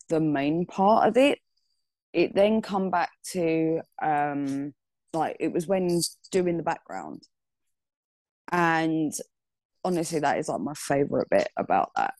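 A woman from the UK, a guest artist in a casual podcast interview, talking hesitantly with many pauses and restarts. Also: low voice, darkish tone, dry recording.

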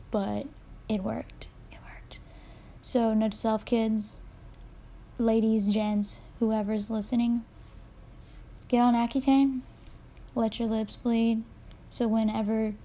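A woman's voice: on the high side, dark tone. A young woman hosting a casual solo podcast, rambling and self-deprecating with jokey asides, her voice congested and a little nasal from her sinuses. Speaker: podcast host.

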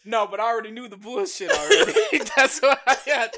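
A man's voice: very high voice, a little fast, a crowd in the background. A man co-hosting a podcast in loose, casual chat, laughing easily and swearing freely. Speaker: podcast co-host.

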